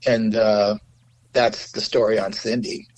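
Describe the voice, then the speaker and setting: A man's voice: lowish voice, level tone, a little slow, poor audio. A man guest on a podcast, telling a studio story in casual, profane talk, laughing and acting out what others said. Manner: profane, laughing storyteller who acts out quotes. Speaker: guest musician.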